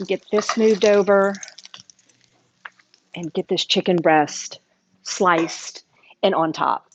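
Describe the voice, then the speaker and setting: A woman's voice: lowish voice, takes it slowly, a little hiss or hum. A middle-aged woman with a Southern US accent, hosting a live cooking demo in a chatty, enthusiastic way. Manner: chatty, enthusiastic, talks while eating. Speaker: cooking show host. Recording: dry, slightly dull livestream audio.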